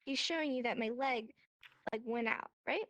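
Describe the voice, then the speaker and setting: High-voiced woman teaching, lively, acts stuff out, dry sound. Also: moderate pace, no room sound. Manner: animated, acts out examples in voices. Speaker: sign language teacher. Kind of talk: casual online class explanation. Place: VR chat room.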